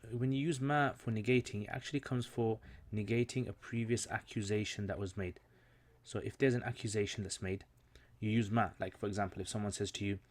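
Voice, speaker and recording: A man giving an informal recorded lesson, explaining word by word with frequent pauses and fillers. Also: lowish voice. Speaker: Islamic studies teacher.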